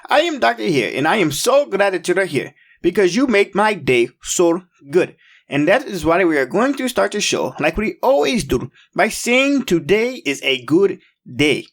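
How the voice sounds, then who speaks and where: A man hosting a children's show, coaxing viewers through slow, emphatic call-and-response. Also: sits high, sing-song. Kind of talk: upbeat kids' show hosting.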